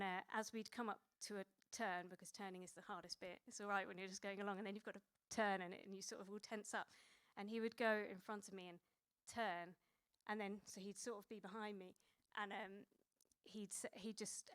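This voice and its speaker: A woman's voice: medium pitch, level tone, brisk, few pauses, fairly bright tone, clear, resonant tone. A woman in her thirties preaching a sermon in a conversational way, with many fillers and restarts.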